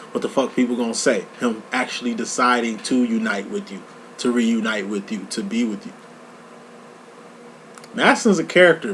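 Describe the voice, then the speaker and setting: A man giving a casual tarot reading, talking in a profane, slang-heavy, animated storytelling way. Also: medium pitch, a little hiss or hum. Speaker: tarot reader. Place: lives in Chicago.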